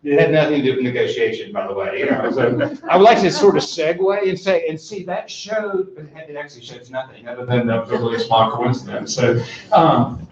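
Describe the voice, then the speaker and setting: A man's voice: fairly high pitch, fairly quick, crowd noise. A middle-aged man giving a conference talk, telling a humorous personal story in a folksy, rambling way with many fillers and restarts. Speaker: conference speaker. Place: large conference room. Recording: echoey hall, distant mic, dull sound.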